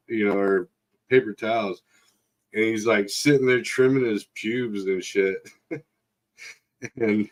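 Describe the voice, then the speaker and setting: A man tells crude stories in a casual chat, his voice sitting fairly low. He swears freely and often breaks into laughter. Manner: profane, laughing storyteller.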